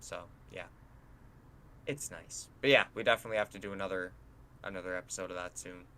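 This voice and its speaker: A young man co-hosting a casual podcast, telling animated stories, acting out quotes and swearing freely. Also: sits low, a little fast. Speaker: podcast co-host and streamer. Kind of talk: casual chat.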